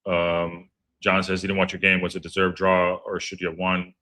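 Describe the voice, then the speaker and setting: Male host, low-ish and bright, casual live-stream chatter, reads out chat. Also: monotone, moderate pace. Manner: chatty, loose, reads out viewer messages. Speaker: podcast host reading viewer chat.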